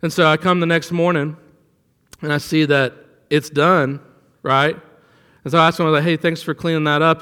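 High-voiced man preaching in an echoing hall. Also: a little fast, pushed and bright, clear, resonant tone. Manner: conversational preaching with anecdotes, rising for emphasis. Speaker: pastor. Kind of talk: sermon.

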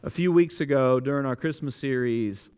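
A man's voice: mid-range voice, normal speed, darkish tone, smooth. A man preaching a sermon as pastor, earnest and emphatic, often repeating a word as he restarts a thought.

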